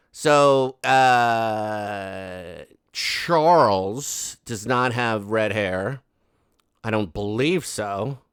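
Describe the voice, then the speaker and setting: A man's voice: mid-range voice, a bit bright, smooth, no echo, studio quality. A man giving casual gossip commentary, rambling and sarcastic with many fillers and asides. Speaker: commentary host.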